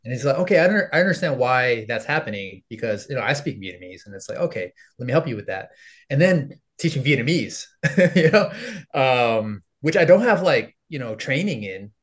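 A man's voice: mid-range voice, lively intonation, moderate pace, a bit bright. A young adult man from the United States, a podcast guest chatting casually, with lots of fillers and frequent laughter. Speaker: podcast guest, content creator. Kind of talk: casual interview conversation.

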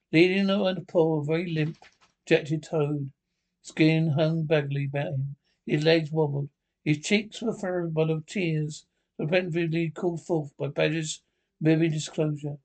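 A man's voice: fairly high pitch, fairly even intonation, moderate pace, a little mellow. A man narrating a children's classic, reading with frequent stumbles and self-corrections. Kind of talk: storybook reading.

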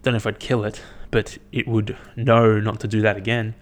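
Rambling, foul-mouthed guy, lowish voice. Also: flat delivery, moderate pace. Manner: blunt, swears a lot, loose and rambling. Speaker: vlogger. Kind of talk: casual rambling monologue.

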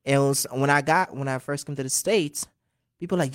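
A man in his twenties from Liberia, a singer talking as a guest in a casual interview, animated and earnest, laughing often. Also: fairly high pitch, fairly quick, dry recording, clean studio sound. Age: 20s.

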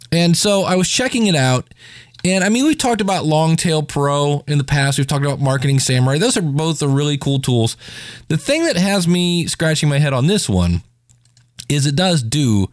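A man's voice: on the high side, no room sound. Chatty male podcast host, dry sound. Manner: chatty, informal, jokey asides. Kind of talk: casual solo podcast review.

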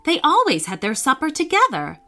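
A woman narrating a bedtime story for children, reading slowly and expressively. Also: high voice, huge pitch swings, sharp tone, soft background music.

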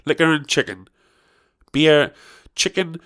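A man's voice: fairly high pitch, slow pace, a bit bright. A man, ranting profanely and rambling as a podcast host. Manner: rambling, profane ranting with sudden outraged peaks. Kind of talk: casual chat.

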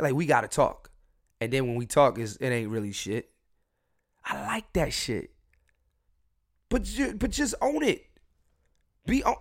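A young man holds forth alone on his podcast. He talks bluntly and swears freely, and his slightly high voice jumps around constantly, swinging from loud bursts to low mutters. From Philadelphia. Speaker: podcast host. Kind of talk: solo podcast rant.

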